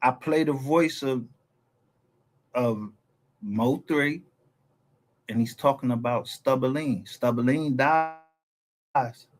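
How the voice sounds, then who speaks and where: A man in the middle of a heated commentary rant, swearing freely and rambling from one grievance to the next. His sentences often break off and restart as he pushes his point. His voice sits at an ordinary male pitch. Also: slow, long pauses. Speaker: YouTube commentator.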